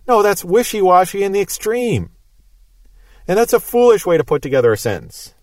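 A man teaches the Bible in an emphatic, methodical manner. His voice sits a little high for a man and sounds dry and close, with no room echo around it. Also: very animated, brisk.

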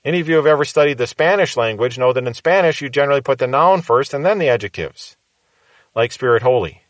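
A man's voice: mid-range voice, expressive, fast, no room sound. Man teaching scripture, dry close sound. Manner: explanatory, repeats key phrases for emphasis. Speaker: pastor teaching the Bible. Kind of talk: verse-by-verse Bible teaching sermon.

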